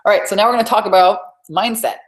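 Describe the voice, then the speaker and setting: A woman's voice: medium pitch, quick pace. A woman business coach teaching a live webinar in a chatty, emphatic way, repeating her key points. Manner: chatty, conversational asides.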